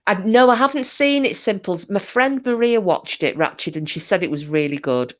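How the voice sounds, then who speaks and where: A woman's voice: mid-range voice, lively intonation, moderate pace. A woman hosting a livestream, chatting casually and rambling as she answers viewer comments. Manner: chatty, rambling, chuckling asides. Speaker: livestream host.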